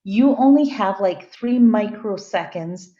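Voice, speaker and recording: A woman's voice: medium pitch, expressive, unhurried, dark tone. A middle-aged woman giving a conversational classroom lecture and checking in with her students. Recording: echoey, dull lo-fi room recording.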